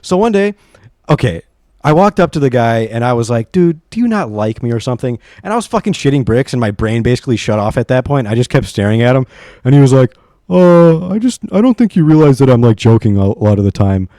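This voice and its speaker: A man's voice: mid-range voice, lively intonation, quick pace, mellow, dry recording. A young man telling stories and reading posts aloud in a rambling, casual way, swearing often and laughing at himself. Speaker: reddit story reader.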